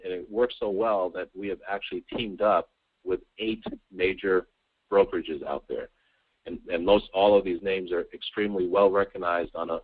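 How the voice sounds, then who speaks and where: A man with a low, deep voice delivers an eager sales pitch over a conference call. He keeps stressing his points and often trips over repeated words. The sound is thin and tinny, as though heard down a phone line. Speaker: sales presenter. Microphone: telephone on a conference call.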